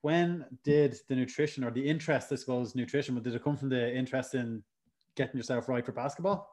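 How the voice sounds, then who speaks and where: A man's voice: mid-range voice, steady tone, brisk, darkish tone. A man hosting a podcast, asking questions with a teasing, jokey manner. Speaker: podcast host. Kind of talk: casual interview chat.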